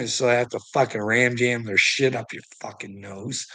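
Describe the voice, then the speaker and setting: A man's voice: medium pitch, bright, forceful tone, poor audio. A man telling a rambling personal story to a relative, swearing constantly and laughing often.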